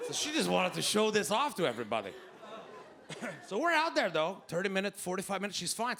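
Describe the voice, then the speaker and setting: A man in his fifties with a Québécois French accent doing a loud, animated stand-up set, shouting his punchlines. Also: high-pitched, normal speed, gravelly. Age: 50s. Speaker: stand-up comedian. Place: comedy club stage. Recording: live club with loud crowd laughter. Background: audience laughing.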